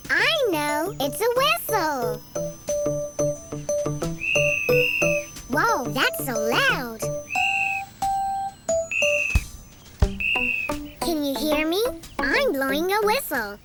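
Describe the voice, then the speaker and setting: A woman doing a squeaky cheerful bunny boy. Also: sing-song, heavily acted. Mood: playful curious. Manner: slow, sing-song, exaggerated for small children. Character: cheerful young male bunny, curious and playful. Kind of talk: children's learning video. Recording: loud kids' music behind. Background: children's music.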